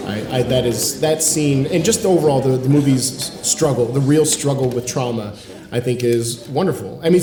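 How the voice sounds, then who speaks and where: A man's voice: mid-range voice, dark tone. Earnest man in a roomy room. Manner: earnest, reflective, swears casually. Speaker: podcast co-host. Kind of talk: casual chat.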